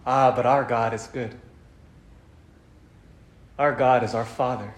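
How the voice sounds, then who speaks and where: In this sermon, a man delivers a dramatic story in a steady, middle-pitched voice, taking it slowly. He sinks to near silence and then swells to loud, with the sound echoing through the room.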